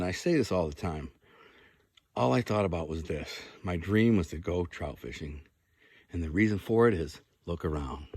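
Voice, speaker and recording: A man, talking casually to camera outdoors by a river, excited and rambling, often repeating himself. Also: lowish voice. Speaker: vlogger. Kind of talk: casual outdoor vlog narration.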